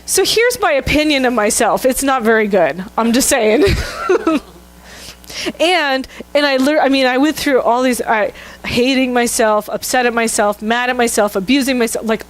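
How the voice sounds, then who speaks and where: A middle-aged woman minister giving a sermon, telling a candid, self-mocking story with laughter to her congregation. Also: fairly high pitch. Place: church sanctuary.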